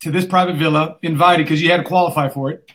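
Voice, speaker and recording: Male host, fairly high pitch, upbeat and casual, lots of uh's. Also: steady tone, fast, fairly bright tone. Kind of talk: interview hosting.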